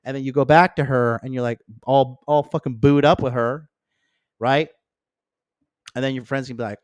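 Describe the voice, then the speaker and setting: Male host, mid-pitch, blunt and profane dating talk on a live stream, keeps asking "okay?", dry close-mic sound, no room. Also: fairly even intonation, brisk, clean tone, no echo. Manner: acts out friends and exes in mocking higher voices. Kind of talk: livestream dating advice talk.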